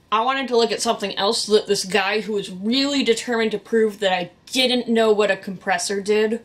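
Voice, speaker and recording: A woman vlogging, telling a rambling story in a casual, animated way with sarcastic asides. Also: medium pitch. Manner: animated, sarcastic asides, quotes people in voices.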